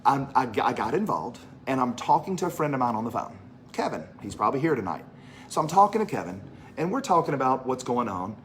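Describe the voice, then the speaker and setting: A man with a Southern accent pitching an opportunity to a crowd, his voice rising and falling a lot as he tells stories. He sits in the middle range for pitch and leans on repeated phrases to drive points home. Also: very animated, fairly quick, a little hiss or hum. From Mississippi, US. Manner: chatty storytelling, repeats phrases for emphasis. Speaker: presenter of a business opportunity. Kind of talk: animated sales pitch to a live audience.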